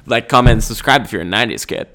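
A man's voice: mid-range voice, racing, pushed and bright. A man in his twenties hosting a podcast, rambling in goofy, profane chat and slipping into silly voices. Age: 20s. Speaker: podcast host.

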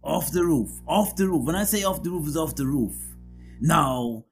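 A man's voice: a little high, animated, normal speed, creaky, soft background music. A man talking in casual commentary, emphatic and repeating his phrases for effect.

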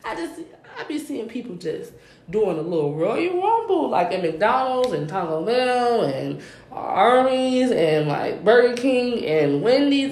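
A young woman, co-hosting a podcast, telling a heated story in a lively, swearing chatty way. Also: medium pitch. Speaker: podcast co-host. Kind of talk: casual chat. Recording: roomy echo with faint hiss.

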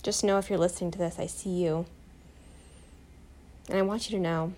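A woman guiding a self-compassion meditation, soft, calm and encouraging, telling a short personal story. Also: on the low side, moderate pace, pauses often. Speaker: meditation guide.

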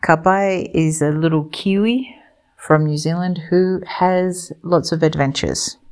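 A woman reading a picture book aloud for English learners, slow, clear and gentle. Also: on the low side.

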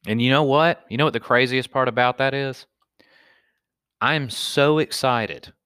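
A man's voice: medium pitch, dry recording, studio quality. A man from Alabama with a Southern accent, telling stories in a casual, profane monologue as a podcast host and stand-up comic. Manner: profane, animated storyteller.

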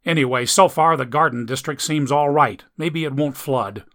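A man's voice: fairly high pitch, normal speed, sharp tone. A man voicing a wry, easygoing father who teases his family. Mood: teasing. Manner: teasing, dry humor.

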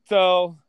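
A man hosting a casual podcast, telling stories in an animated, profane way. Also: no room sound. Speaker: podcast host and trading coach.

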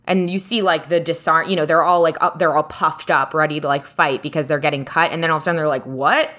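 A woman's voice: low-pitched, fairly even intonation, fast talker, fairly bright tone. A woman co-hosting a podcast in casual chat, rambling with many filler words as she animatedly retells a story. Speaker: podcast co-host.

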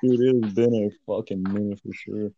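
A man's voice: on the low side, steady tone, moderate pace, vocal fry, dry recording. A drunk man co-hosting a podcast, rambling loosely, laughing often and swearing a lot. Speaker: podcast co-host. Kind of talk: casual chat. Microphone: phone. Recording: dull phone mic.

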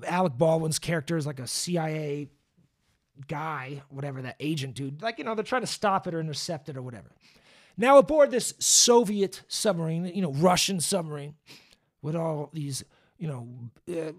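Profane ranting man, slightly high voice. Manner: profane, scathing, drawling with many fillers. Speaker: movie commentator. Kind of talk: casual rant.

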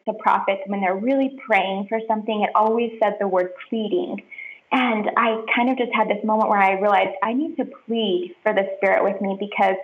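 A young woman, a podcast guest, sharing a heartfelt personal testimony in an earnest, soft-spoken way with lots of "like" fillers. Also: medium pitch. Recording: roomy, dull lo-fi podcast audio.

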